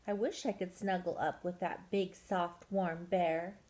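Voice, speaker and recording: A woman's voice: lowish voice, steady tone, unhurried, darkish tone, close to an everyday voice. A woman voicing a cold male fox who speaks in a plaintive way.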